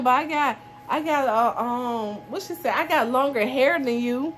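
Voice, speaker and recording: Now her voice is high, still at normal speed, with slight background noise, as the woman in her twenties animatedly relates her casual storytime, acting out all the dialogue and laughing.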